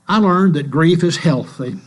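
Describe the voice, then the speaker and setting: Older man preaching an earnest sermon. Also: fairly high pitch. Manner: slow, earnest storytelling. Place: church. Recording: mains hum in the background.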